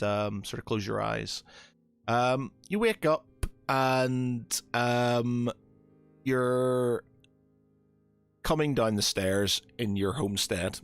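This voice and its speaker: A man's voice: medium pitch, smooth. A man running a tabletop game as game master, narrating with many ums and hesitations.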